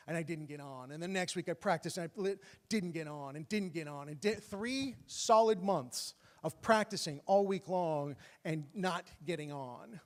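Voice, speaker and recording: Animated man telling a comic story. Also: a little high. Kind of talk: personal story told on stage. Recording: long hall reverb.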